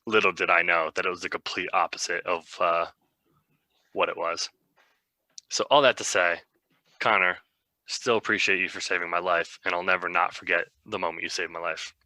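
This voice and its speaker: A man's voice: sits low, fairly even intonation, moderate pace, sharp tone, dry recording. A young man co-hosting a podcast, telling a rambling, self-mocking story in a casual way. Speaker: podcast co-host.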